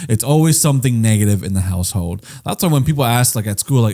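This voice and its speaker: Young dude on a podcast, regular pitch, cusses a lot and hits his words hard. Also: animated, fast talker, warm tone. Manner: blunt, heavy swearing, emphatic. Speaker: podcast co-host. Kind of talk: casual podcast chat.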